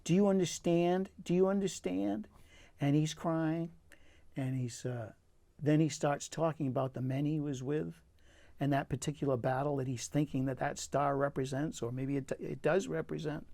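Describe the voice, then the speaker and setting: A man's voice: on the high side, fairly even intonation, normal speed, vocal fry, warm tone, no room sound. An older man, a poet, telling personal stories in an earnest, reflective way with frequent restarts, interviewed in a community TV studio. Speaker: poet guest.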